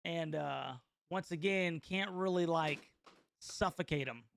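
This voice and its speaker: Gravelly excitable sports-fan man. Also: a little high, takes it slowly. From North Carolina. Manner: excitable, slangy, chatty, reads chat aloud. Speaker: sports watch-party host. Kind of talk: live game reaction.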